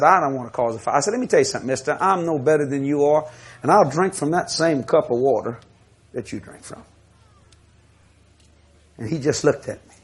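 A man delivers a sermon as a lively story. His voice sits a little high for a man. He laughs often and acts out each person's words. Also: slightly rough. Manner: animated, laughing storyteller acting out quotes. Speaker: preacher.

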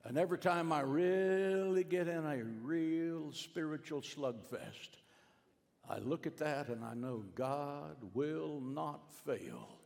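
A middle-aged male pastor telling a family story in a sermon, swinging from hushed lines to emphatic bursts. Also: on the high side, lively intonation, slow pace, gravelly. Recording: long hall reverb.

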